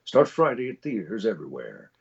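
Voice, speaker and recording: A man's voice: lowish voice, wildly swooping pitch, creaky, darkish tone, husky, lo-fi sound, voice pushed down, heavily acted. A man voicing a conversational male movie-trailer narrator with a faint Midwestern accent. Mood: grand. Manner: conversational, unhurried.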